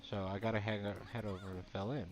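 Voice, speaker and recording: A man's voice: on the low side, fairly even intonation, brisk, close to an everyday voice. A man reading the lines of a cheerful teenage girl model aloud from a game, in his own plain voice. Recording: dull lo-fi, faint game music.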